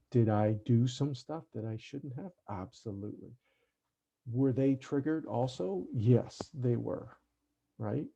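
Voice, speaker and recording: A middle-aged man with a gravelly, very dark voice, talking earnestly to parents over a video call. The audio is dull and lo-fi, like online call sound. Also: medium pitch. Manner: earnest, tags sentences with "right?". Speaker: parenting speaker. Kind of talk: webinar talk to parents.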